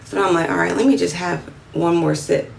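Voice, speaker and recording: A woman in her twenties with a New York accent, telling a story on a phone livestream in a lively, slangy way and acting out the other voices. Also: fairly low pitch, a little fast, creaky. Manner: animated, slangy, acts out quotes in a raised voice. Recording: roomy, slightly distant phone audio with faint room noise.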